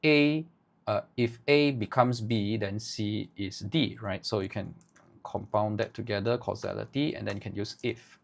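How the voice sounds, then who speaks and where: A man teaching ad writing live, thinking aloud in halting bursts and tagging his points with "right?". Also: lowish voice, creaky. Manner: halting, with many restarts. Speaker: agency owner teaching ad writing.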